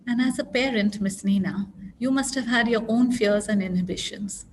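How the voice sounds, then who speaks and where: A woman's voice: mid-range voice, moderate pace. A woman moderating a panel discussion, polite and formal as she introduces speakers. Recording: distant mic, faint room noise.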